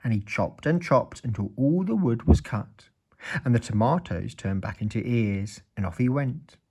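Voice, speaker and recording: A man reading a children's story aloud in an expressive, playful way. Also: mid-range voice, moderate pace, breathy edge.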